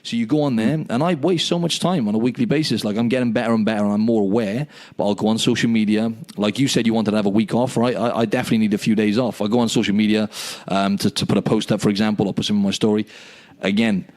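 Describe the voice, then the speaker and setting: Fast-talking British-born man, chatty podcast host. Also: lowish voice. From United Kingdom. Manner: chatty, animated storyteller, says "mate" and "you know what I mean" often. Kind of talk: casual podcast chat over a video call. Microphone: video call.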